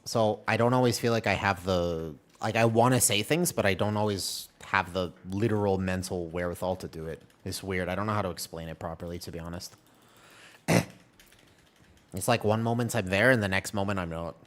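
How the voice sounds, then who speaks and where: Low-voiced tired streamer guy. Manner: halting, trailing off, clears throat often. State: tired, yawning. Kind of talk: casual gameplay chat.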